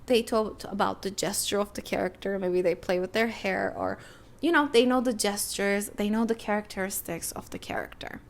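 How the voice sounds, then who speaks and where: A young adult woman hosting a podcast, giving casual filmmaking advice in a chatty, animated way and acting out little exchanges. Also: mid-range voice, moderate pace.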